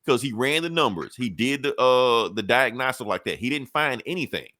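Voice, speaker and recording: A man casually recapping a comic book on a podcast, his pitch swinging widely as he acts out each character's lines. His speech is loose, slangy and full of profanity. The sound is dry and close, with no room echo. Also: normal speed. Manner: animated storytelling, acting out characters' lines; profane, laid-back slang. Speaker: podcast co-host.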